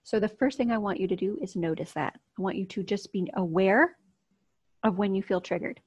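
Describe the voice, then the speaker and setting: A woman's voice: medium pitch, fairly quick, darkish tone, husky, dry recording. A woman coach teaching an online course lesson in a casual, upbeat way, speaking straight to her viewers. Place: outdoors, near a street. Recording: dull, slightly lo-fi dry sound.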